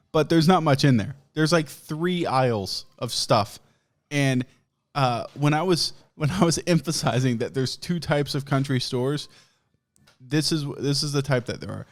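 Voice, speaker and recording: A man hosting a podcast, telling a rambling, profane story in a casual way and laughing often. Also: mid-range voice. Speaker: podcast host.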